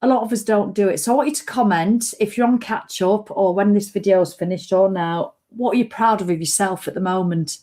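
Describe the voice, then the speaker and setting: A woman's voice: mid-range voice, a little fast, hardly any pauses, mellow. A middle-aged woman, rambling and self-mocking in a fitness vlog. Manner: rambling, self-mocking, breaks into sung jingles. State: hiccups. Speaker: fitness vlogger. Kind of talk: chatty live video.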